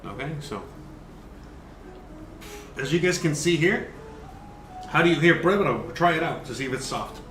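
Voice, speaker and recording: A man's voice: a little high, expressive, normal speed, long pauses, pushed and bright, roomy sound, faint music behind. Chatty man hosting a cooking stream. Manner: chatty, explains step by step, swears casually. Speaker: cooking show host. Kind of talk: casual cooking livestream.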